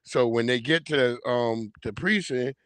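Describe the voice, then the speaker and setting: A man's voice: mid-range voice, measured pace, fairly bright tone, clean tone, no room sound. A man hosting a live stream, giving loose, profane, slangy commentary on video clips.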